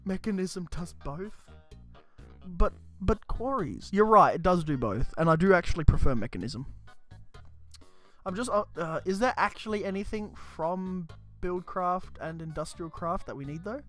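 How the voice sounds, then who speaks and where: A man's voice: high-pitched, animated, normal speed, faint music behind. A man streaming a game, chatting casually with his viewers and laughing at himself. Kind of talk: casual gameplay commentary.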